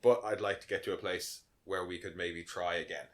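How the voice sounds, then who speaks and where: Low-voiced man recapping a TV episode. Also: fairly even intonation, a little fast. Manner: chatty, laughs often, retells scenes. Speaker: podcast co-host. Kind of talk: casual TV recap chat.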